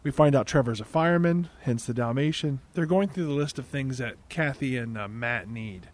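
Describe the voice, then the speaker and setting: A man's voice: mid-range voice, normal speed. A man casually recapping a movie plot, breaking off into sarcastic, incredulous asides. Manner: conversational, with restarts. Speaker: movie reviewer.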